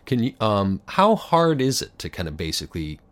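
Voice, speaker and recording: Deep-voiced man asking rambling questions. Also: very animated, moderate pace, a bit bright. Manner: rambling, filler-heavy questions. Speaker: interviewer. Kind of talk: interview questions. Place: recording studio.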